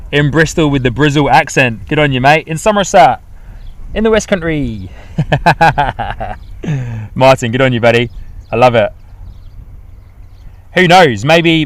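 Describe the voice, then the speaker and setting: A man of middle pitch hosts a live plane-spotting stream from outside an airport. He talks casually and cheerfully as he reads out viewer messages and calls each landing. The sound is dry and close to the mic. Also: dry recording. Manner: chatty, reads out chat messages, upbeat asides. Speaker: plane spotting livestream host. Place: outdoors at an airport.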